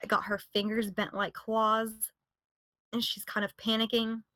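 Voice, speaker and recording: A woman's voice: a little high, little pitch movement, unhurried, fairly bright tone, no room sound. Chatty woman retelling a story. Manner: conversational with fillers and self-corrections. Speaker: podcast host. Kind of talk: casual storytelling, retelling and reading from a book.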